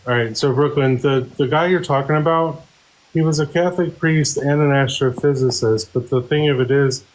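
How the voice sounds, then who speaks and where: A man moderating a live online debate, explaining points in a measured way. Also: medium pitch, a little hiss or hum, rough recording.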